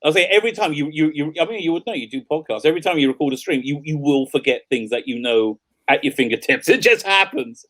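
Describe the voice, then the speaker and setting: Give me an eager male host with a lively, fairly high voice, stumbling over his words. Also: fast talker, hardly any pauses. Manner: enthusiastic fan, stumbling and repeating words. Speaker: podcast host. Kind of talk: casual interview over video call.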